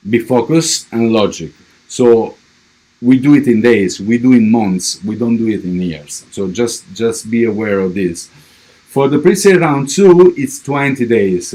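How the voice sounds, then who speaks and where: Speaking for a crypto project on a livestream, this man gives an update and answers questions from viewers, his strong Italian accent marked by frequent fillers and restarts. His voice is medium in pitch with a somewhat dark tone.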